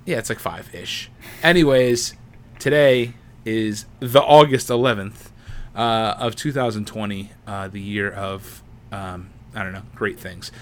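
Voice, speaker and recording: A man's voice: lowish voice, a little slow. A man hosting a casual gaming podcast, rambling and joking at his own slip-ups. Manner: rambling, self-mocking, loose. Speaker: podcast host.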